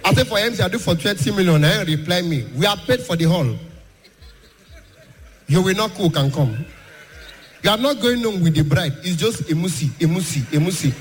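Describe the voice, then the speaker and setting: A man's voice: high-pitched, lively intonation, fairly quick, soft background music. A man with a Nigerian accent doing a stand-up comedy set in Pidgin-laced storytelling, breaking into impressions of callers. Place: large live-show hall. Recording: live hall with reverb and faint ambient noise.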